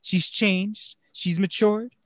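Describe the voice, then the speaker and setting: A man from New Jersey talks through a movie with friends, animated and quick to laugh, stumbling over restarts and fillers. His voice sits a little high for a man, and the sound is close and dry with no room around it. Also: dry recording. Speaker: podcast co-host. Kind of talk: casual movie discussion.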